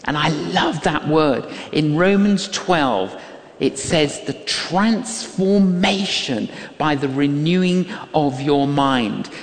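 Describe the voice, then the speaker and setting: A man's voice: fairly high pitch, expressive, takes it slowly, in a large hall. An older man preaching a sermon, telling a story with emphatic, acted-out dialogue.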